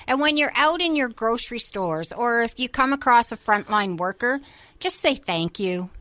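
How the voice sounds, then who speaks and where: A middle-aged woman co-hosting a casual chat, with a bright, fairly high voice and a close, dry sound. She keeps chiming in with quick agreement between her own remarks. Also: expressive, dry recording. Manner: warmly agreeing, frequent affirmations. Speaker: co-host.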